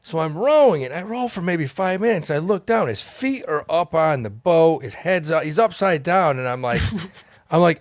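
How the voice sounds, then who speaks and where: A man telling a long story as a podcast guest, animated and profane, laughing as he goes. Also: on the high side, normal speed, no room sound, clean studio sound. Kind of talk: casual storytelling. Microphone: studio mic.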